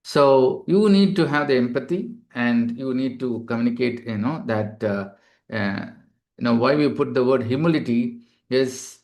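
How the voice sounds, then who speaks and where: A male doctor giving a webinar lecture to healthcare staff, explaining patiently and filling pauses with "you know". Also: medium pitch, a little mellow.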